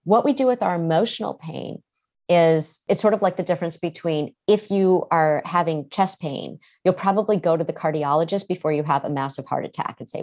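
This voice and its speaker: A woman therapist explaining ideas calmly in a podcast interview, sometimes acting out what people say. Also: fairly low pitch, a little fast, muffled recording. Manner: calm, explanatory, acts out quoted speech. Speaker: therapist, guest.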